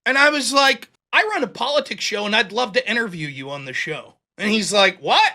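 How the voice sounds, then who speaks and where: High, lively male show host. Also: a little fast. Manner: animated, acts out both sides of dialogue; profane, self-mocking. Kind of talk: casual storytelling.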